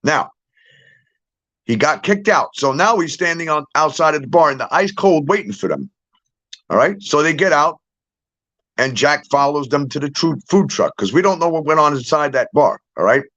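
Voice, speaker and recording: A middle-aged man with a slightly high voice speaks in a casual monologue to his followers. He sounds emphatic and insistent, tags his points with "okay?" and "all right?", and moves about as he acts things out. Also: animated, normal speed, fairly bright tone. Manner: moves around, gets up to act things out. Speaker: social media commentator.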